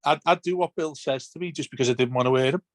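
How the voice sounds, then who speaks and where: A man's voice: mid-range voice, fast, dry recording. A man chatting on a casual podcast, rambling and restarting his sentences. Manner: rambling, repeats words when starting sentences. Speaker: podcast guest.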